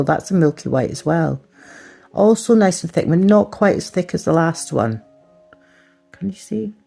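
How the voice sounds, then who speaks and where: A woman's voice: deep voice, gravelly, darkish tone. A middle-aged woman chatting through a casual nail product review, rambling and self-deprecating. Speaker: nail art vlogger.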